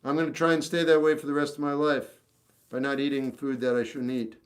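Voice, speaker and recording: A man's voice: mid-range voice, little pitch movement, a little fast. A man hosting a casual livestream, reading chat questions and giving blunt, off-the-cuff opinions. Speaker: livestream host answering chat. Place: home room with a record collection.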